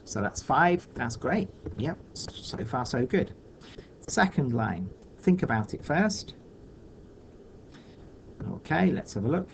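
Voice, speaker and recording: A man's voice: mid-range voice, lively intonation, a little slow, vocal fry, darkish tone, a little hiss or hum. A man teaching a recorded video lesson for children, patiently talking through each step aloud.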